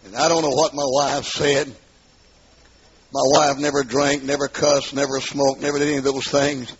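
A middle-aged man telling his testimony as a sermon, in an emphatic storytelling style that rises into shouts, on a dull lo-fi recording. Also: mid-range voice, level tone, moderate pace, breathy edge. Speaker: preacher giving testimony.

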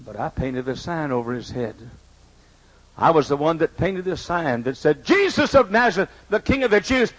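A male preacher delivering a sermon with great passion, speaking in the first person as repentant sinners and swinging from hushed, low pleading to shouting. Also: animated, moderate pace, rough recording.

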